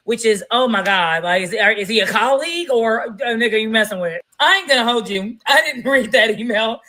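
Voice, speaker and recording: A woman hosting a gossip podcast, talking in an animated, blunt and profane way. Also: on the high side, low-quality recording. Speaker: podcast host. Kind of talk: casual gossip commentary.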